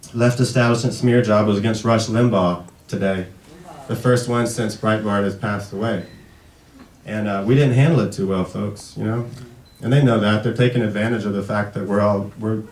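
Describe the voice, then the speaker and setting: A man in his thirties giving an emotional tribute speech at a memorial event, halting and full of restarts, sometimes fighting back tears. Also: on the low side. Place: event hall. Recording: echoey hall, far from the mic.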